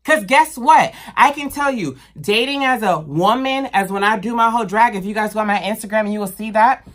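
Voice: mid-range voice, a little fast, a bit bright. A vlogger ranting to camera in a heated, emphatic and profane way, blunt and full of slang. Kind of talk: impassioned rant to camera.

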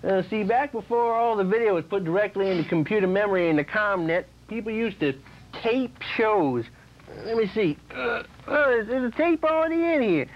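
A man's voice: sits high, lively intonation, normal speed. A man performing a comedic sketch intro, hesitant and fumbling with fillers. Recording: lo-fi 1990s cable tape with faint hiss.

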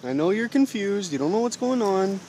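A man's voice: high voice, animated, brisk, background noise. A man sitting in a parked car outdoors, coaxing birds with sweary, sing-song chatter. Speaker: man feeding ravens from a car.

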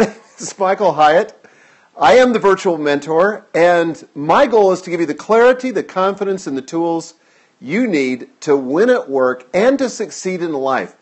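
A middle-aged man hosting a live-stream Q&A, upbeat and direct, reading viewer comments aloud into a phone camera. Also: a little high. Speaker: host.

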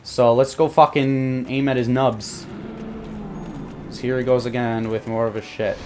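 A young man giving profane, frustrated commentary while playing a video game, muttering and then yelling. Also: mid-range voice, flat delivery, measured pace, background noise. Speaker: gaming YouTuber. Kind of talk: profane live gameplay commentary.

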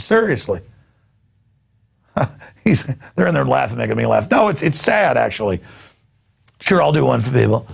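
Host, male, gravelly and husky, rambling sarcastic news rant. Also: medium pitch, sing-song, moderate pace, long pauses. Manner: sarcastic, rambling, laughing asides.

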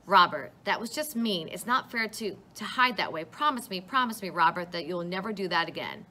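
A woman's voice: lowish voice, lively intonation, fairly quick, pushed and bright. A woman voicing a stern, anxious mother scolding her son. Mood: pleading. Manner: scolding, pleading. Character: worried middle-aged mother, stern then panicked.

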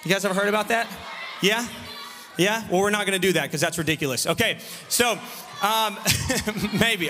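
A man leading a lively children's revival service, joking and teasing the kids while he gives them actions and call-and-response lines. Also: high voice, a little fast, pauses often. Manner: playful, teasing, loud leader of a crowd of kids. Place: large church sanctuary. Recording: reverberant church hall, faint room noise.

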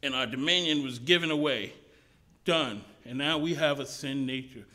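A man's voice: mid-range voice, moderate pace, sharp tone. A man preaching a sermon at a mission service, conversational and often restarting phrases.

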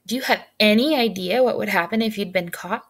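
A woman's voice: mid-range voice, a little fast, natural voice. A woman voicing a patient adult father in a children's storybook, level and reasonable in tone. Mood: incredulous. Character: patient adult male father, calm but stern.

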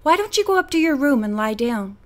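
Lady doing a bold teen girl sleuth, brisk and sure of herself. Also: high-pitched, very animated, voice pushed up. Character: confident teenage girl detective, bold and curious.

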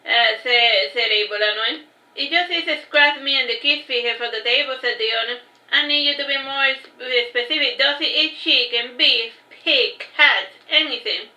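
Casting note: high, very bright woman reading her own story aloud, casual and unpolished. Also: reverberant, rough recording. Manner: unpolished reading with restarts and asides. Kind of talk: reading aloud a fantasy novel.

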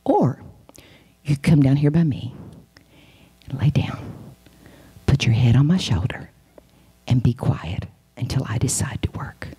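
A woman doing the Lord's low, hushed voice. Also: expressive, slow pace, pauses often, slightly rough, exaggerated voice. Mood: tender, hushed. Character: gentle male Lord, calm and reassuring.

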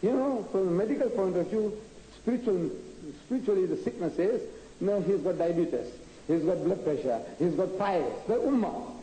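A man's voice: high voice, lively intonation, moderate pace, dark tone. Combative man lecturing in an echoey hall. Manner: emphatic, combative, rhetorical questions. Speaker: lecturer answering audience questions. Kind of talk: public lecture Q&A. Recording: echoey hall with faint noise, archive tape.

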